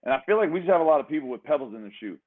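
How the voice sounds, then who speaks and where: Energetic motivational man on a tinny line. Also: a little high, very fast. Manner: energetic, emphatic, repetitive exhortations. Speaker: fitness coach giving a motivational talk. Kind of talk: motivational speech. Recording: tinny phone-like sound.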